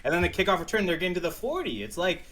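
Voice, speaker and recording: A man co-hosting a sports podcast, chatting casually and excitably, swearing and laughing often. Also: high-pitched, racing, a little hiss or hum. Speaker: podcast co-host.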